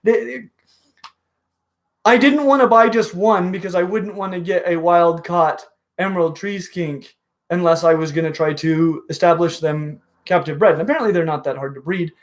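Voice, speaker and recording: A man hosting a casual reptile livestream, enthusiastic and full of halting restarts. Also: high-pitched. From dry western region. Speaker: reptile show host.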